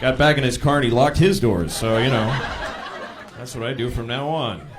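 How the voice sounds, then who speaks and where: A man doing a stand-up comedy routine on a club stage, animated and sometimes shouting. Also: medium pitch, normal speed. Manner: animated, bursts into shouted impressions. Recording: live club with crowd laughter and noise. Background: audience laughing.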